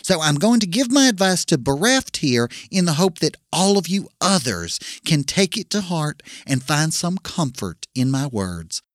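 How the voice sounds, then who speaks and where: A man's voice: fairly high pitch, no echo, clean studio sound. A man playing a clueless, self-assured Southern woman who hosts an advice show, speaking with a Southern accent. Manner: prim, self-assured, huffy.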